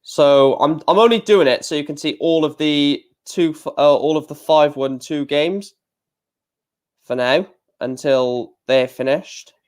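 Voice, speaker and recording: A man with a slightly higher voice hosts a casual live stream. He rattles through scores and chat questions in a relaxed, rambling way, full of ums and asides. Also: unhurried. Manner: chatty, reads out scores and chat, many fillers.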